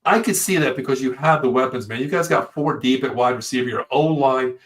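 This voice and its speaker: A man co-hosting a casual live sports talk show, an excitable storyteller who swears freely. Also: medium pitch, fairly quick. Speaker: podcast co-host.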